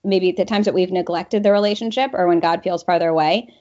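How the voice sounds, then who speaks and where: A woman's voice: lowish voice, fairly quick, mellow. Affirming woman host, muffled sound. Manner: affirming, frequently saying "right" and "yeah". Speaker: podcast host. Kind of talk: faith conversation. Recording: slightly dull sound.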